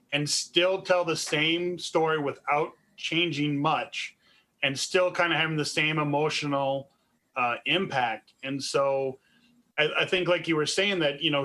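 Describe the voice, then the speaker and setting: A man's voice: on the high side, bright, forceful tone. A man in a convention panel audience, casually sharing a filmmaking anecdote. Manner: conversational, quotes his editor.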